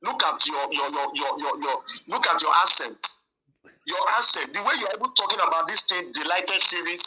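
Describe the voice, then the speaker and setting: A man's voice: fairly high pitch, normal speed, bright, forceful tone, husky, rough recording. A man calling in, angry and accusing, repeating himself as he argues. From Nigeria. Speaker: caller.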